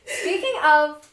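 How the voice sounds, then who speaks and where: An upbeat woman with a fairly high voice speaks in casual podcast chat. She sounds encouraging and playful. The room adds a clear echo to her voice. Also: a bit bright. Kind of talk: casual conversation. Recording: roomy echo.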